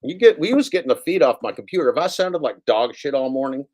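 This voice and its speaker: A man's voice: medium pitch, lively intonation, quick pace, darkish tone, slight background noise. A man hosting his own livestream, rambling casually with frequent swearing and self-mocking repeats. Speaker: livestream host. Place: home setup with computer.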